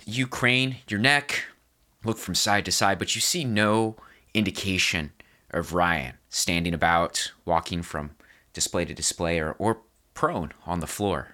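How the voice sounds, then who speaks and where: A man narrating as game master of a tabletop horror game, describing scenes in a measured way. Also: deep voice, pushed and bright.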